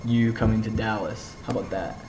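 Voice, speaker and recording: A woman's voice: extremely low pitch, steady tone, fairly quick, music in the background, poor audio. A young woman vlogging at home, chatting casually and playfully teasing as she prompts her partner to tell a story. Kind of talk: casual chat.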